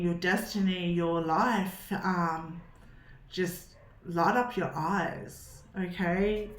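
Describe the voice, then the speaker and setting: A woman's voice: medium pitch, roomy sound. A woman reading tarot cards for her viewers in an upbeat, reassuring way, often checking in with "okay?". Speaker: tarot reader.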